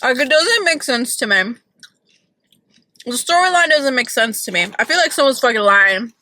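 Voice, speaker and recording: A woman's voice: high-pitched, animated, moderate pace, sharp tone, poor audio. A woman vlogging from her car, chatting casually and opinionatedly about celebrity gossip with lots of "like".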